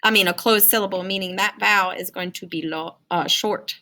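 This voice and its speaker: A woman's voice: medium pitch, steady tone, fairly quick, bright, forceful tone. A woman teaching a phonics lesson to children in a singsong, encouraging way. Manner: singsong, encouraging, talks to young learners.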